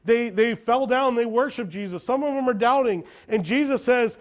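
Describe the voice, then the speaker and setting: A man's voice: extremely high pitch, big pitch swings, fairly quick, hardly any pauses. A man preaching a sermon as a pastor, often asking the congregation questions and answering them himself.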